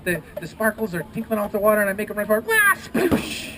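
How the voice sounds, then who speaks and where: Animated man telling a tale outdoors. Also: high-pitched, racing. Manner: lively, gasping, sound effects, quoting voices. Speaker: festival storyteller. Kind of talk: animated storytelling to a live audience. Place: outdoors at a renaissance festival. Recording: noisy outdoor live recording.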